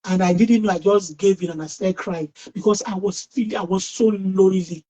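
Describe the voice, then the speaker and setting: A middle-aged woman hosts an online talk over a video call. She tells a personal story in a lively, outgoing way, often restarting her sentences. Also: mid-range voice, fairly quick, poor audio. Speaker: host.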